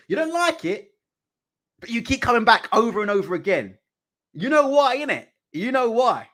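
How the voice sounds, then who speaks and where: A man's voice: very high voice, very animated, moderate pace, sharp tone. A British man hosting a boxing channel, ranting in live commentary with heated, profane rhetorical questions. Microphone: desk mic.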